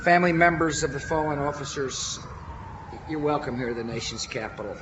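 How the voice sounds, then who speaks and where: A man with a Texan accent giving a formal memorial speech as president, earnest and measured, with deliberate pauses. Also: on the high side, muffled recording, background noise.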